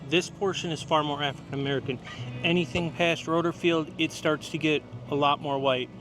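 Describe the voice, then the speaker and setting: A man rambles on about the area from the seat of a moving car. His voice is high for a man. Loud music runs under the whole recording. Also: steady tone, a little fast. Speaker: local guide in a documentary vlog. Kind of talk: casual talk in a moving car. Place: in a car on a highway. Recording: played video with music over it.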